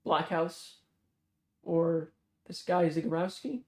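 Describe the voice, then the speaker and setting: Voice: medium pitch, slow. A reader doing a cool, menacing killer woman. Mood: dry. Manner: calm, dry, matter-of-fact threats. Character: cold, menacing female killer.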